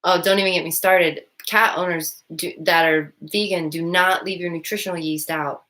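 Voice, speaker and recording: Low-voiced woman musing casually. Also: fairly even intonation, normal speed, a bit bright. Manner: rambling, many "like" fillers and restarts. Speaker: vlogger and stepmom. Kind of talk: casual reflective monologue.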